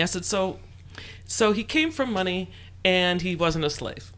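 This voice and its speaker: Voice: mid-range voice, unhurried, slight background noise. Adult telling a story in a casual chat, does the voices, swears a lot. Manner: animated storyteller, acts out quoted dialogue, swears.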